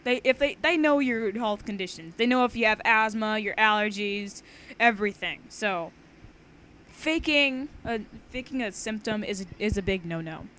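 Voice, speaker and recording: A woman's voice: mid-range voice, moderate pace, fairly bright tone, a little hiss or hum. A young woman casually reading her own story aloud, chatting and rambling with frequent stumbles and restarts. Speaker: story reader.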